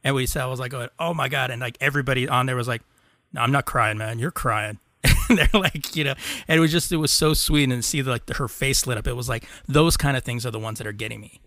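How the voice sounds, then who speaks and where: A man's voice: mid-range voice, steady tone, quick pace, fairly bright tone, no echo. A man co-hosting a casual podcast, rambling through stories, swearing casually and laughing often. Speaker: podcast co-host. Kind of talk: casual chat.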